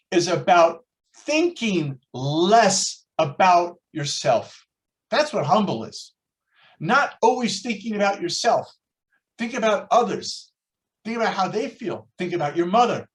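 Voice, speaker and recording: An older American man teaching a Torah class over a video call, telling stories and acting out the people in them. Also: a little high. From United States. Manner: storytelling, lively, acts out quoted voices. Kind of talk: online class lecture.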